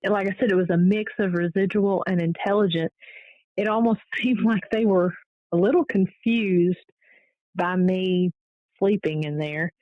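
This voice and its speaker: A woman paranormal investigator, a guest on the show, telling her stories in a casual, animated way. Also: on the low side, no echo. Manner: animated storytelling, fillers and restarts. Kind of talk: casual interview storytelling. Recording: dull lo-fi audio.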